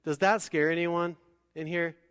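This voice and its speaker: A man preaching a sermon in a church, chatty with joking asides and slow scripture readings. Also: fairly high pitch, flat delivery, fairly bright tone, smooth. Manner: conversational, joking asides, reads scripture slowly. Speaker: pastor. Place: church hall. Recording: long hall reverb.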